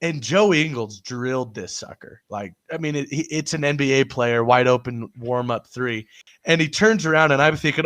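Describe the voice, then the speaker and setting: A man's voice: mid-range voice, moderate pace, fairly bright tone. A man co-hosting a casual sports chat, telling a story with frequent laughs. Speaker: podcast co-host.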